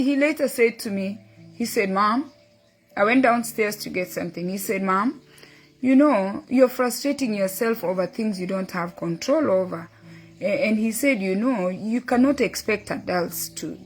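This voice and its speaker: A middle-aged woman hosts a motivational talk in a husky voice at a middle pitch. She tells a personal story earnestly and quotes from a book. Faint music plays behind her. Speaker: host.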